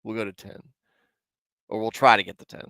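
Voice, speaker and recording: A man's voice: fairly low pitch, flat delivery, fairly quick, gravelly, bright, forceful tone, no echo, studio quality. A man in his forties hosting a casual Bible commentary livestream, self-deprecating and candid as he answers his chat. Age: 40s. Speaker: host of a Bible commentary show.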